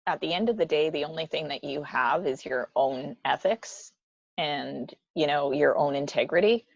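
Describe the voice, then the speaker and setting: A middle-aged woman being interviewed in a casual chat, frank and quick to answer, often laughing. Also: sits low, gravelly, no room sound, dull audio. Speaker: interview guest, business leader.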